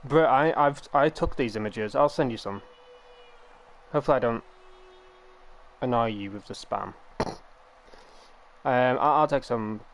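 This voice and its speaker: This is a young man streaming a game live and chatting with the people watching. He talks at a moderate pitch, taking his time and sounding relaxed as he rambles through long, winding explanations.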